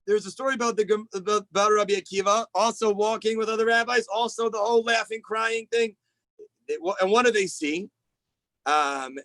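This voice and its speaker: A male rabbi with a high voice gives a Tisha B'Av sermon over a video call, in a low-quality recording with no echo. He tells stories animatedly, acting out quoted rabbis with big jumps in pitch.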